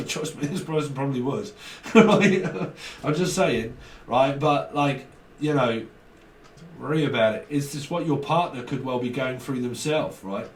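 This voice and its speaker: A man's voice: medium pitch, measured pace, distant mic, a little hiss or hum. Man reading tarot in an echoey room. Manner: acts out exchanges with slang, laughs often, swears. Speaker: tarot reader. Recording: echoey room, voice a little off-mic.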